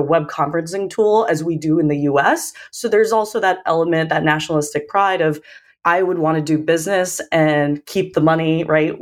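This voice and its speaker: An American woman, a sales leader, telling stories in a casual interview and acting out the dialogue. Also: low voice. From United States. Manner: animated storyteller, acts out dialogue. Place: living in London.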